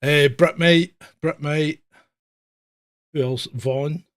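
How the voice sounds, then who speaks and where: A man hosts a comedic livestream from his webcam, ribbing his co-host and greeting the chat. His voice sits fairly high for a man, and his delivery is playful, broken up by laughter. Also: fairly even intonation, very slow. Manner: teasing, laughs often.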